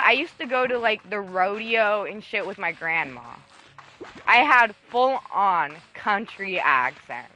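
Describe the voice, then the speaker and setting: A woman's voice: mid-range voice, sharp tone, poor audio. A young woman streamer telling stories in casual chat, candid and swearing freely.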